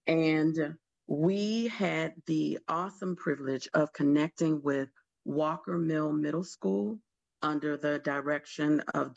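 A hoarse woman with a naturally deep voice, rough and gravelly, speaking as a guest in a radio interview. She explains things earnestly and steadily. The sound is dull and muffled. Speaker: radio guest, community mediation leader.

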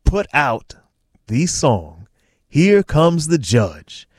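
A man's voice: mid-range voice, sing-song, very slow. A friendly man sitting in as a radio programmer, sharing the stories behind old songs. His voice sounds close and dry, with no room echo, as he talks from a radio studio. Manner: friendly, storytelling, grateful. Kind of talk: casual radio chat and music stories.

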